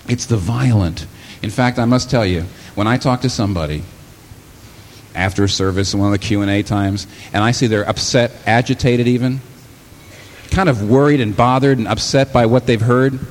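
A man preaching a sermon in a church hall, animated and often taking on the voices of the people he quotes. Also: medium pitch, normal speed, a little hiss or hum. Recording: long hall reverb, faint room ambience.

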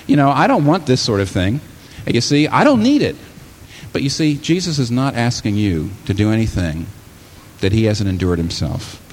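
A man preaching a sermon in a church hall, animated and often taking on the voices of the people he quotes. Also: mid-range voice, moderate pace, a little hiss or hum. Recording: long hall reverb, faint room ambience.

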